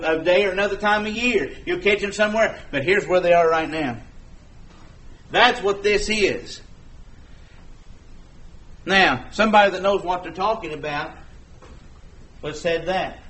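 Man preaching, high-pitched voice, folksy and conversational. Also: fairly bright tone. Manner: folksy, conversational, acts out quoted dialogue. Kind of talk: sermon.

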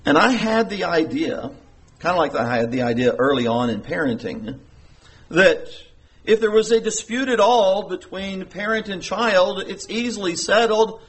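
A man's voice: high voice, expressive, normal speed. A middle-aged pastor preaching an earnest sermon, with emphatic rises in his voice.

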